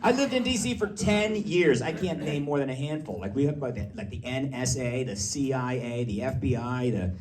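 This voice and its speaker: Guy doing stand-up, really lively up and down delivery, audience laughing a lot, sounds a bit far off. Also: medium pitch. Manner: lively, animated storytelling with quick asides. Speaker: stand-up comedian. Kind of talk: stand-up comedy set. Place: small live comedy venue. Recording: distant live room recording with crowd.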